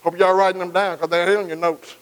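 A pastor preaches a sermon in call-and-response style, calling out to his congregation, drawing out scripture lines and dropping folksy asides. His voice is high-pitched, clear and resonant with little pitch movement, on a low-quality recording.

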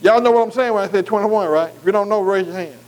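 A man's voice: high voice, quick pace, low-quality recording. An older man preaching a folksy sermon, often checking in with his congregation. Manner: folksy, calls for congregation response.

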